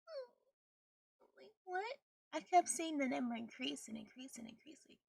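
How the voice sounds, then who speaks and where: Woman, game streamer, casual rambling chat, high bright voice, husky, dry close sound. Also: very animated, normal speed, no room sound. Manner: chatty and rambling, often laughing.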